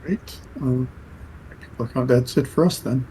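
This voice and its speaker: A man's voice: medium pitch, measured pace, dark tone, a little hiss or hum, poor audio. A man playing in a tabletop game, stating his characters' actions in a matter-of-fact way. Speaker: player. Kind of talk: tabletop game play over voice chat.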